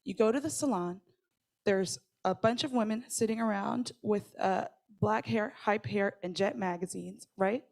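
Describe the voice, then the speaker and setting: A woman telling a personal story in a lively, conversational way, often checking in with her listeners and laughing between lines. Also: medium pitch, normal speed, creaky.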